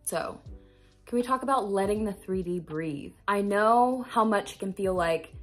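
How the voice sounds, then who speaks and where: Husky-voiced woman coaching earnestly. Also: mid-range voice, unhurried, soft background music. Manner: earnest, emphatic, repeats phrases for stress; casual, swears now and then. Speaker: manifestation coach. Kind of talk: motivational self-help talk to camera.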